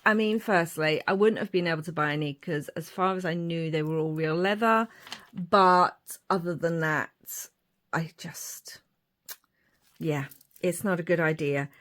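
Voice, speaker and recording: A woman, chatting casually as she shows her crafting journal pages. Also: fairly low pitch. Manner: chatty, rambling, warm asides. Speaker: crafting vlogger. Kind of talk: casual show-and-tell narration.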